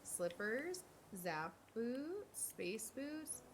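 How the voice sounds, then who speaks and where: A woman's voice: on the high side, very animated, drawn-out words, slight background noise. A young woman streamer chatting casually while she plays a cozy life-sim game, rambling and talking to her chat.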